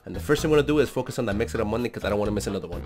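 An excitable man hosts a gaming channel with let's-play commentary, talking in casual slang. His voice swings up and down all over the place and breaks into loud outbursts. Faint music plays behind him. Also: on the low side, very fast.

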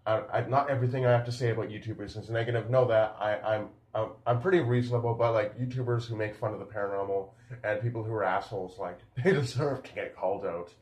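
A man's voice: lowish voice, steady tone, quick pace, darkish tone, roomy sound. A man giving a casual, rambling video review, enthusiastic and full of fillers and restarts. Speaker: YouTube reviewer.

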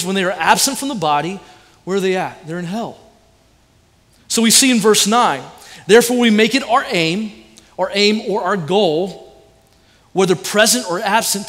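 A high-voiced man preaches with passion in a church auditorium. He asks his listeners questions and answers them himself. Long reverb from the hall trails after each phrase. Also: fairly bright tone. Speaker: pastor. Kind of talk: sermon.

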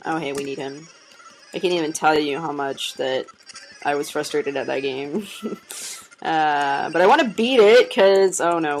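A woman's voice: deep voice, slight background noise, low-quality recording. A young woman doing casual gameplay commentary, chatting to viewers, laughing often and swearing freely. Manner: chatty, talks to viewers while playing. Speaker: let's player.

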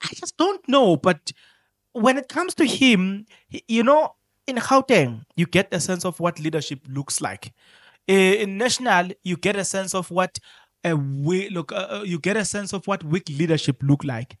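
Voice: medium pitch, lively intonation, normal speed, no room sound, studio quality. Emphatic South African political commentator. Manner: emphatic, repetitive, switching into isiZulu. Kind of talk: unscripted commentary monologue.

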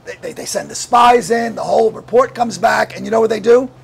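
A man preaching a sermon with animated delivery, firing rhetorical questions at the congregation and laughing often between points. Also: sits high, brisk, creaky, husky. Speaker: pastor.

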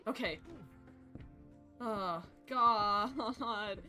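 A woman streaming a horror game, yelling and swearing at the characters and then dropping into quiet asides. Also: fairly high pitch, faint music behind. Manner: rapid swings to quiet asides.

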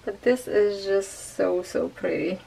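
A woman casually chatting at home in a craft vlog, slipping into high baby talk with her puppies, her English a little non-native. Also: slow, vocal fry, warm tone, breathy edge, low-quality recording. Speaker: cross-stitch vlogger.

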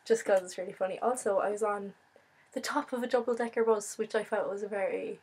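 A young woman vlogging casually to camera, excitable, giggly and sweary. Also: medium pitch, moderate pace, slightly rough, rough recording. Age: young adult.

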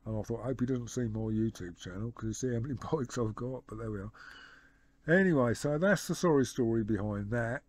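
Casting note: a man talking to camera, rambling, conversational storytelling, warm mellow tone, middle pitch. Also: a little fast. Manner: rambling retelling of a phone conversation, lots of "he said" and "I said". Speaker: motorcycle vlogger.

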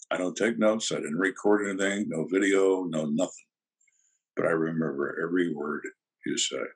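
A man's voice: low voice, slightly rough. An older man, a retired homicide detective, telling stories in an interview with a dry, sardonic manner. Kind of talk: storytelling interview.

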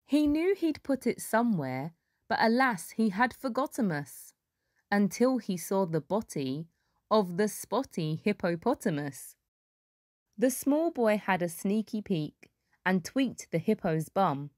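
A woman's voice: medium pitch, sing-song, a little slow, darkish tone, dry recording, clean studio sound. A woman reading a rhyming children's picture book aloud, with playful little voices for the animals. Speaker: storyteller.

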